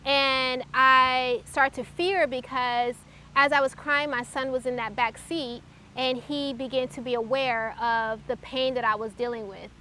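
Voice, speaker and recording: A woman with a high, bright voice shares her personal faith testimony. She speaks earnestly and reflectively, with frequent halting pauses. Her tone carries a clear, sharp edge. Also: fairly even intonation, slight background noise.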